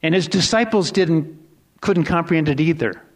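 Male pastor, sermon delivery, slightly high voice, chatty and rambling, with quiet asides and rising emphasis. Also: normal speed. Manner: conversational, rambling with restarts and self-corrections; swings between hushed low asides and rising excited emphasis.

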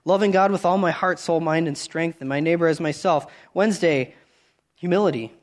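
A man in his thirties preaching a sermon, earnest and conversational, rising loud on key points and dropping to quiet asides. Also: a little high, fairly quick.

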